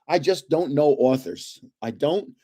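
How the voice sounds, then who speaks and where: A man's voice: a little high, expressive, slow pace, warm tone. Chuckling older man telling stories. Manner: chuckles often, rambling anecdotes. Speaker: livestream host. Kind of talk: casual storytelling livestream. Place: home.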